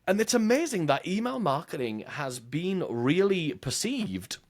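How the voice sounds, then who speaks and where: A man who is a podcast guest explaining marketing in a conversational interview, animated and using examples with shifting emphasis. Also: a little high, unhurried.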